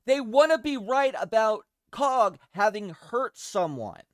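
A man hosting a casual podcast, talking in a rambling, profane and excitable way with frequent restarts. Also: sits high, unhurried, dry recording, clean studio sound. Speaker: show host.

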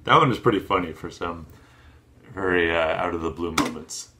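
A man hosting a reaction video, talking in a relaxed, rambling way and laughing often. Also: deep voice, moderate pace, noisy background. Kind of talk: casual commentary.

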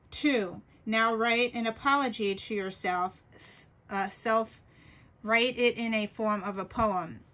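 A woman's voice: on the high side, a bit bright, low-quality recording. A middle-aged woman reading her own poems aloud in a journaling video, with careful delivery and small stumbles. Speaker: journaling vlogger.

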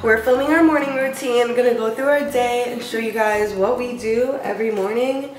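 A woman's voice: on the high side, brisk, a little hiss or hum. A pregnant young woman vlogging in a mock reality-show confessional, whiny and dramatic as she complains. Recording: echoey room with music behind.

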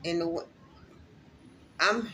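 A woman's voice: on the low side, drawn-out words, sharp tone, slight background noise. A woman giving a casual spiritual reading to her viewers, chatty and emotional, swearing freely and speaking to them directly. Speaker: spiritual reader.

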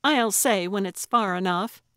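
Woman playing threatening female villain, hissing and contemptuous, slow delivery. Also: mid-range voice, fairly bright tone, clean tone, dry recording, studio quality, natural voice. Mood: menacing. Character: menacing woman criminal, cold and contemptuous.

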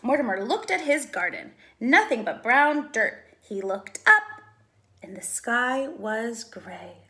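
A woman, a preschool teacher, reading a picture book aloud with expressive, sing-song storytelling. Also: a little high, slow pace.

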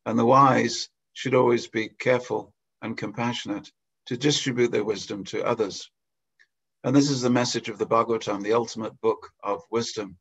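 A man teaches a scripture class in a relaxed, anecdotal sermon, chuckling now and then as he tells his stories. His voice is gravelly and husky. The recording is dull and lo-fi. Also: medium pitch, moderate pace. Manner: anecdotal, with frequent chuckles and hesitations. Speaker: lecturer giving a scripture class. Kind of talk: storytelling sermon. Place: temple hall.

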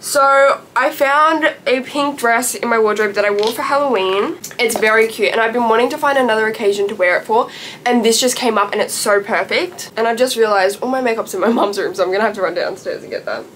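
A woman's voice: fairly high pitch, brisk, fairly bright tone, slight background noise. A young woman, vlogging in a gushing, breathless way and squealing in disbelief. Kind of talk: excited casual vlog chat.

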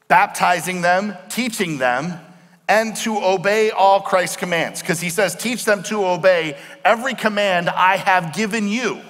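A man preaching a sermon as pastor, explaining words slowly and asking the congregation questions. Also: high-pitched, a bit bright. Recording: long hall reverb.

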